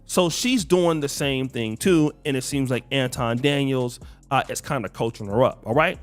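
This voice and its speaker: A man calmly laying out background context in a played commentary clip, with many fillers. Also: mid-range voice, normal speed, faint music behind. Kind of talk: explanatory commentary.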